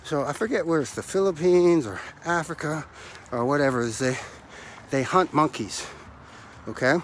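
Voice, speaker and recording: A man coaching his podcast listeners while out of breath from running stairs, his voice pitched a little high for a man. He talks emphatically and hammers his key phrases over and over in a preachy way. Faint background ambience hums behind him. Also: moderate pace, a little hiss or hum. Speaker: motivational podcast host and life coach. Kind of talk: motivational podcast talk.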